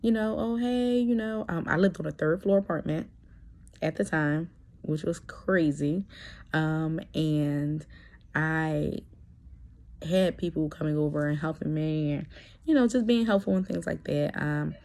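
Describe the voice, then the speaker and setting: A woman's voice: deep voice, measured pace, a little mellow. A young adult woman talking candidly in a personal vlog, hesitant, with many fillers and restarts. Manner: candid and earnest. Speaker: vlogger.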